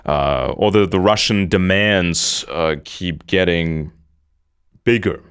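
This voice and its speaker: A man's voice: deep voice, slow pace, a bit bright, clear, resonant tone. A man giving spoken political commentary, mocking others in put-on quotes.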